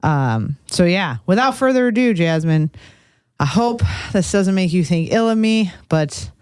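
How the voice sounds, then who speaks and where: A woman's voice: lowish voice, lively intonation, measured pace, darkish tone, clear, resonant tone, dry recording, studio quality. A woman hosting a casual podcast, joking and rambling as she talks, laughing often. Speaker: podcast host. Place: Chicago.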